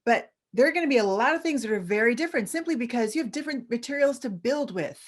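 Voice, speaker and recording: A woman's voice: fairly high pitch, animated, quick pace. A woman giving a church teaching presentation as a visiting scholar, earnest and conversational, repeating key points for emphasis.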